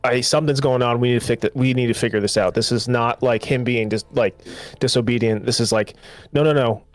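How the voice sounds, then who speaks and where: A man's voice: medium pitch, steady tone, fairly quick, no room sound. A man co-hosting a podcast, loosely retelling a TV series in casual chat and slipping into quoted lines. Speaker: podcast host.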